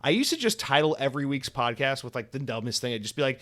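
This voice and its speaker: A man's voice: medium pitch, animated, fast talker, hardly any pauses, a bit bright. A man in his thirties hosting a solo podcast alone, rambling casually with sarcastic, profane asides.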